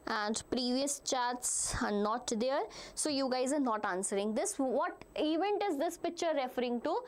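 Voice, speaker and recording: A woman teaching a live online class, asking her students questions as she goes. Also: sits high. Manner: animated, asks the class questions.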